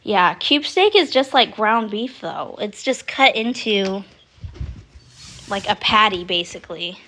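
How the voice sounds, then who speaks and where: Bright-voiced young woman chatting at home. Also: mid-range voice, animated, measured pace, a little hiss or hum. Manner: chatty, rambling, swears freely, laughs often. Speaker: livestream host. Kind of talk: casual chat. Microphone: phone.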